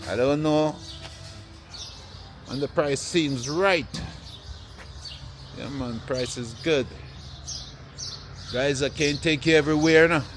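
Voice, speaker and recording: A man, vlogging casually while walking through an open-air plant nursery with a handheld phone, relaxed and repeating "yeah, man" often. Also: on the high side. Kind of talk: casual walking vlog to camera.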